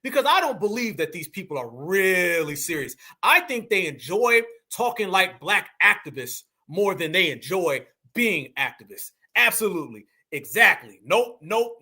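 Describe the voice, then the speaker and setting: His high-pitched voice is bright and forceful. This American commentary host, who has an African American English accent, reacts to content in a blunt, preachy manner and addresses his audience as family.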